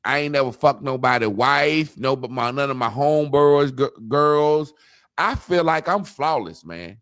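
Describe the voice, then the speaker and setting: A man's voice: medium pitch, unhurried, no room sound, clean studio sound. A man telling a long story in casual chat, swearing freely and acting out what others said. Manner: profane, animated storytelling, acts out quotes. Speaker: podcast co-host.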